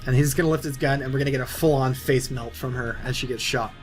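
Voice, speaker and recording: A man's voice: medium pitch, steady tone, fast talker, few pauses, soft background music. A young man casually talking through a movie plot he wrote, rambling with lots of fillers. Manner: loose and rambling, many fillers. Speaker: movie video creator. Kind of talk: casual plot pitch narration.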